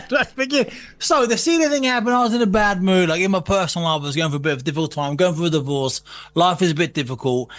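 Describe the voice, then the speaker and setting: Brit guy rattling thru a story quick, swears a lot, fairly high voice. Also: fairly bright tone. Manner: swears freely, acts out quotes, laughs often. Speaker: guest. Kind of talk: casual storytelling chat.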